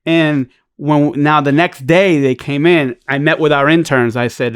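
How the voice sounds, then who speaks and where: A man's voice: on the high side, measured pace, few pauses, clean tone, no echo, clean studio sound. A man guest on a podcast, telling a long story in a blunt, profane, rambling way. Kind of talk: casual storytelling chat.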